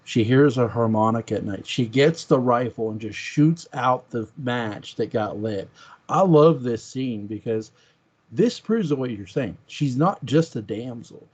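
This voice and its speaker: An enthusiastic man talks casually about a film on a podcast, often acting out its lines. His voice sits at an ordinary pitch for a man. The recording sounds a little dull and lo-fi. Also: expressive, unhurried, darkish tone, breathy edge. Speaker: podcast co-host.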